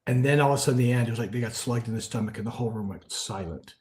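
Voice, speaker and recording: An older man who is an author being interviewed, telling stories conversationally and dropping to a hushed tone at the serious moments. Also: medium pitch, very fast. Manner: animated storyteller, drops to a hushed tone for serious moments. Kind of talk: conversational storytelling.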